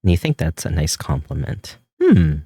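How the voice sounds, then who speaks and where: A man with a neutral American accent, streaming and chatting casually while drawing, rambling and swearing, laughing often and jumping up in pitch when he jokes. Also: huge pitch swings, moderate pace, mellow, husky, no echo, clean studio sound. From California. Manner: rambling, loose, swears often, laughs a lot, voice jumps high when joking.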